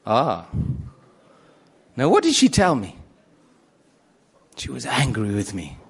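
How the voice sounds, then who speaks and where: A man telling his own conversion story in a religious talk, animated, acting out the voices he quotes and repeating phrases for emphasis. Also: mid-range voice, takes it slowly, creaky, husky.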